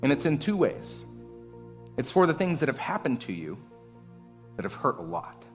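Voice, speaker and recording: A man's voice: medium pitch, very animated, normal speed, soft background music. A man preaching a sermon as pastor, telling a story with self-mocking humor and frequent chuckles. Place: church service.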